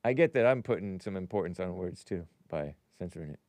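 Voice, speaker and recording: A man's voice: low-pitched, lively intonation, a little fast, darkish tone, no room sound. A man hosting a call-in talk show, musing aloud in a wry way and often trailing off.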